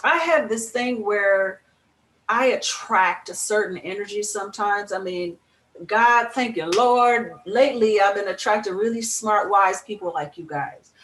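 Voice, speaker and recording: Animated woman in an echoey room. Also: mid-range voice, a little slow. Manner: animated, emphatic, spiritual musing. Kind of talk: casual chat.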